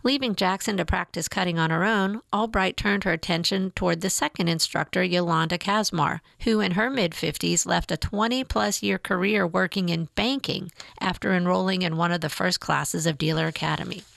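Brief: female news-feature reader, low, very creaky, measured delivery. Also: fairly bright tone, no room sound. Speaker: narrator. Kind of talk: reading a news feature aloud.

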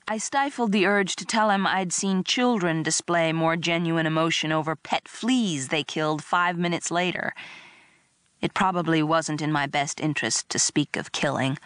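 A woman reading a first-person story aloud in a wry, expressive narration. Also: sits low, moderate pace, clean tone, dry recording, clean studio sound. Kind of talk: audiobook narration.

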